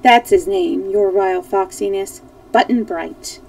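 A woman's voice: medium pitch, very animated, slow, creaky, dark tone, distant mic, full character voice, poor audio. A woman voicing a polite, curious little girl who speaks earnestly and with wonder.

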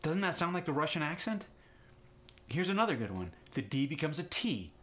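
A man's voice: a little high, very animated, a little fast, a bit bright. A man teaching an accent lesson step by step, upbeat and explanatory, saying example words to show each sound. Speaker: accent coach.

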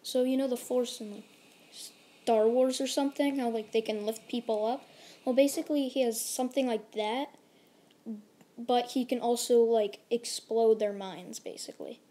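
A woman's voice: a little high, steady tone, moderate pace, warm tone. A woman casually retelling a fan story, rambling along with lots of fillers.

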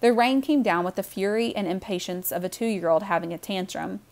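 A woman reading a children's novel aloud with warm, expressive storytelling. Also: medium pitch, fairly quick. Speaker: audiobook reader.

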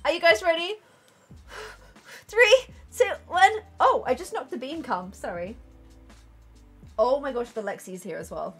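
A young woman streaming a game, chatting casually and thanking viewers, self-deprecating and bursting into excited squeals. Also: a little high, measured pace, slightly rough, soft background music. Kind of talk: casual livestream chat.

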